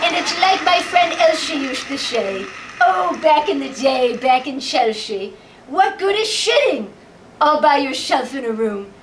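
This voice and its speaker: A woman's voice: high-pitched, sing-song, measured pace, slight background noise. A woman doing a lisping impression of an aging female showbiz diva, gushing theatrically about her marriages, recorded in an echoey club from a distance.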